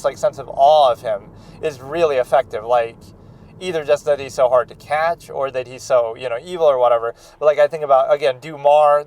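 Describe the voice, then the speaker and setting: A man's voice: medium pitch, a little hiss or hum, poor audio. A man giving casual, opinionated reaction commentary on a TV series, rambling with lots of fillers. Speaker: show commentator.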